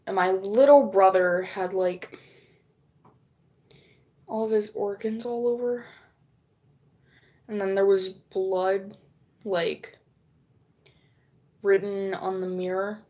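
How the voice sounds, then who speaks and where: A woman's voice: medium pitch, darkish tone, dull audio. A woman vlogger casually telling a long rambling story, swearing often and acting out what others said. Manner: rambling, frequent swearing, acts out quoted lines.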